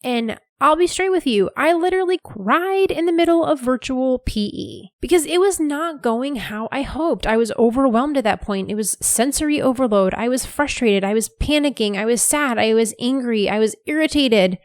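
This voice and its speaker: A woman's voice: a little high, animated, moderate pace, hardly any pauses, no echo, clean studio sound. Candid, chatty woman podcast host. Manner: candid and chatty, many "like" fillers. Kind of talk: casual podcast monologue.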